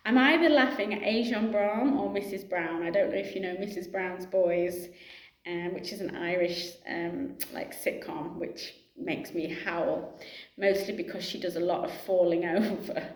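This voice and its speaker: A woman's voice: lowish voice, fairly even intonation, a little slow. A middle-aged woman, a yoga teacher, talking casually and reflectively to camera in a chatty way, laughing easily and filling her speech with asides and fillers. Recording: echoey room.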